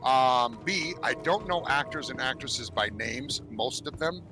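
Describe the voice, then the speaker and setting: A blunt, joking man chatting casually with friends while hosting a game stream. His voice sits at an ordinary pitch. Music plays clearly underneath him throughout. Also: expressive, measured pace, low-quality recording. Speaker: streamer host. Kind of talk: casual gaming voice chat.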